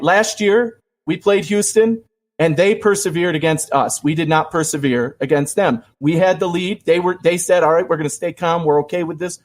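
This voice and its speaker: Man, high voice, sports podcast co-host, earnest and fired up. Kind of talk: casual sports chat.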